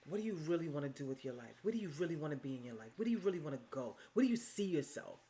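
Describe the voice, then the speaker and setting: A woman's voice: sing-song, rapid-fire. A woman vlogger giving casual, motivational life advice, emphatic and repetitive, with swearing and endearments thrown in. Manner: swings from low and hushed to high and loud.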